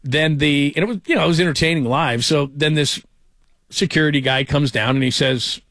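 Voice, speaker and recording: A middle-aged man hosting a casual sports talk show, telling stories and getting animated when amused. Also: fairly high pitch, brisk, no room sound.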